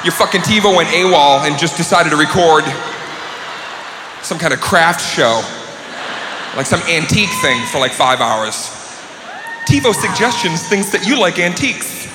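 A man doing a stand-up routine, ranting loudly and profanely and often shouting. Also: a little high, animated, normal speed, long pauses. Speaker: stand-up comedian. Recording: echoey hall with crowd noise.

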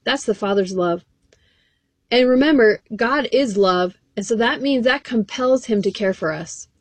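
An earnest woman preaching a sermon, with a fairly high voice. She reads scripture aloud and puts questions straight to her listeners. The sound is dry and close, with no room echo. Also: unhurried, slightly rough.

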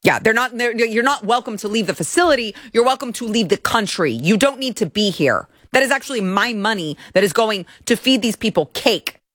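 A woman's voice: on the high side, expressive, brisk, few pauses, fairly bright tone, dry recording, clean studio sound. A woman hosting an opinion show, talking with sarcasm and indignation, sometimes mocking people in put-on voices. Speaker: commentary show host. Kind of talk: opinionated political commentary.

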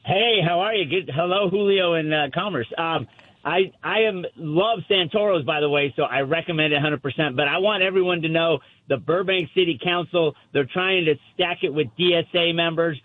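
A man calling in to a talk radio show, talking in a hurried, eager way. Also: a little high, no room sound. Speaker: caller. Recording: tinny phone line.

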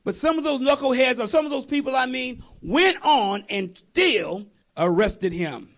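Male preacher, husky and raspy, high voice; lively storytelling sermon. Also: a little slow. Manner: animated storytelling with voiced characters and chuckles. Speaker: pastor.

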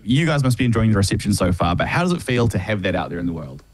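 A man's voice: on the low side, sing-song, racing, no room sound. A man in his thirties with a Southland New Zealand accent, hosting a radio show and chatting with guests in a friendly way, with fillers and restarts. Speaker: radio host. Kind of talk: radio show presenting and interviewing.

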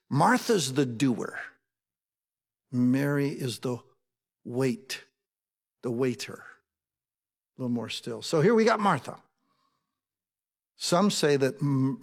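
A man preaching a sermon in a conversational way, putting questions to his congregation. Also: mid-range voice. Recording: long reverb of a large hall.

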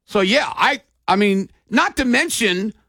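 A middle-aged man hosting sports radio with a fairly high voice and a gravelly edge. He tells stories in a folksy, emphatic way, and the sound is close and dry. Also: animated, unhurried, pushed and bright, no echo. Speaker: radio show host.

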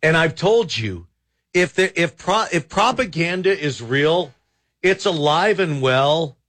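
A man's voice: fairly high pitch, lively intonation, takes it slowly, fairly bright tone. A man hosting a talk radio show, rambling and exasperated, with many false starts. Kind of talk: casual talk radio commentary.

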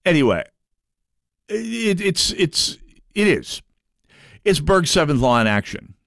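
A man from North Dakota hosting a talk radio show, sardonic and halting, with mocking asides. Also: fairly high pitch, sing-song, creaky, fairly bright tone, no room sound, clean studio sound. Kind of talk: opinionated talk radio monologue.

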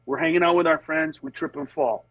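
A man who works as a stand-up comedian, telling stories in a casual conversation. He acts out other people's voices and turns earnest and measured on serious topics. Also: a little high, fairly even intonation, fairly bright tone, no echo.

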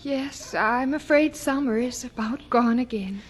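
An actress playing a gentle mother who soothes her son and turns firm when she scolds, in a radio drama. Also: on the high side, a little slow. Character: gentle mother of young children.

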